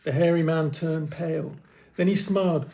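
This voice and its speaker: A man reading a children's story aloud with expressive, dramatic pauses. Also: fairly high pitch.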